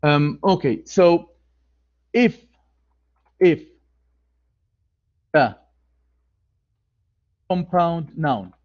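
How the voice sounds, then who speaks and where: Slow, repetitive male grammar teacher. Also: a little high, animated, a little mellow, lo-fi sound. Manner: slow, deliberate, repeats key phrases. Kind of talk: online grammar lecture.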